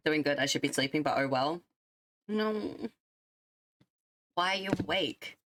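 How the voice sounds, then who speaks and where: A woman's voice: low-pitched, lively intonation, unhurried, noisy background. A young woman streamer chatting casually with her viewers, rambling and self-deprecating. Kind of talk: casual livestream chat.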